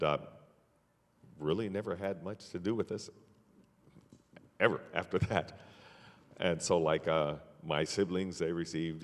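Very deep-voiced older man, reverberant hall. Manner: measured storytelling with frequent fillers and quiet laughs. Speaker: interview guest. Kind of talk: personal testimony in conversation.

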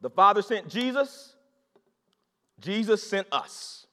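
A male preacher with a very high, bright, forceful voice delivers a lively sermon, talking straight to the congregation and hammering his points through repetition. His voice rings out with a long reverb off the walls of a big church sanctuary. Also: slow. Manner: animated, conversational preaching with repetition and call-outs to the congregation. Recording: long reverb of a large hall.

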